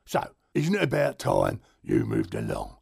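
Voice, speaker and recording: A man voicing a menacing rough local tough guy with a raspy, gravelly voice. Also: extremely low pitch, wildly swooping pitch, measured pace, darkish tone, no echo, clean studio sound, voice pushed down, full character voice. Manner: threatening, mocking.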